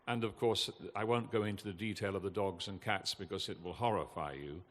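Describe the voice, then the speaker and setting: Older guy, low voice, talking all passionate and earnest, stops and starts a lot, big echoey hall. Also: steady tone, fairly bright tone. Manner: impassioned, earnest, halting with many fillers. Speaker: guest speaker at a festival. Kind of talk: emotional public talk. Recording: long hall reverb.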